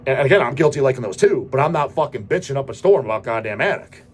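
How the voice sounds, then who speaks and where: A man's voice: medium pitch, expressive, very fast, a little hiss or hum. A man hosting a show, answering viewer questions in a profane, ranting casual style. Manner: profane, ranting, repeats goddamn. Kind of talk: casual rant.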